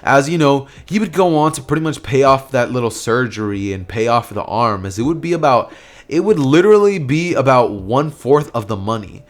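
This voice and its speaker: A man's voice: medium pitch, animated, normal speed. Man rambling through a fan story. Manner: rambling, lots of fillers. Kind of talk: casual fan-fiction narration.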